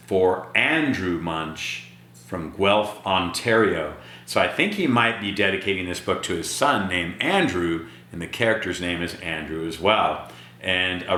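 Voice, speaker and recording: Lively low-voiced man reading to kids. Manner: animated, chatty, playful. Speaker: teacher. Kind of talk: reading a picture book aloud to children. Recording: echoey room.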